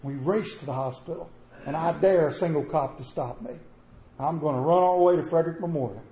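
A middle-aged man telling a personal story to an audience in a folksy, animated way. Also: a little high, brisk. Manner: folksy, animated, with a rural drawl in his wording. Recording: echoey room with faint ambience.

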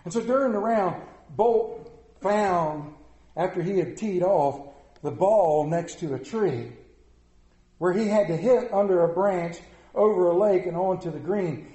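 A middle-aged man preaches to a full room, slipping into the voices of his anecdotes. His voice sits high but mellow. The sound carries a roomy echo. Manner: storytelling, animated, acts out voices in anecdotes. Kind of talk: sermon. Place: large room with audience. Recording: echoey room.

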